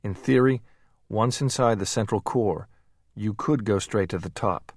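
A man narrating an audiobook in a steady, measured reading voice. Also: on the low side, breathy edge, no echo.

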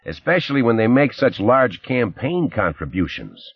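Brash teasing cop guy, narrator putting it on, husky, bit lower-fi audiobook. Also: big pitch swings, normal speed, no echo, full character voice. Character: quick blunt male police lieutenant. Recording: slightly dull, dry recording.

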